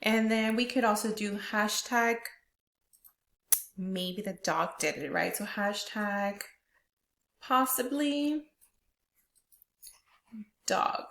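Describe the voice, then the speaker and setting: A woman's voice: mid-range voice, slow pace, vocal fry, pauses often, fairly bright tone. A woman teacher walking young students through a reading lesson step by step, often checking in with "right?". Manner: explains step by step, tags questions with "right?". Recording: roomy echo.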